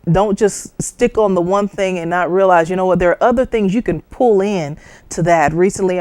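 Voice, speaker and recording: Woman coaching on public speaking, chatty, lots of asides, dry close sound. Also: no echo. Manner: lively, jumps high in pitch to act out imagined people; conversational, with fillers and asides. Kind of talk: instructional talk.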